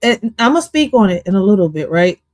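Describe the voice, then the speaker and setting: A woman hosting a livestream, reacting to an interview clip in loud, profane, jumpy casual commentary that swings between jokes and asides. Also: medium pitch, sing-song, fairly quick, no echo, rough recording.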